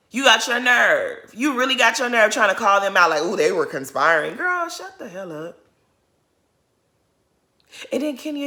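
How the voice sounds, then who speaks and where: A young woman talks straight at the camera in a bright, clear voice. Her reality-show recap is sassy and blunt, and she sounds fed up with the cast. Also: on the high side. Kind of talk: casual commentary.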